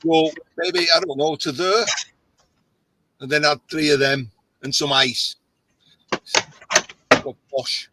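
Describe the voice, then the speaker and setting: A man's voice: a little high, slow, pauses often, very noisy. A man hosting a casual livestream chat, rambling and jokey as he gets a little tipsy. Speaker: host.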